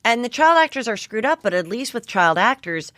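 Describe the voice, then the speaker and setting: A woman's voice: a little high, fairly quick, dry recording, clean studio sound. A woman in her forties hosting a podcast, chatting casually and animatedly, often restarting her sentences. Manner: animated, restarts often, jumps between stories. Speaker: podcast host. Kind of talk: casual gossip chat.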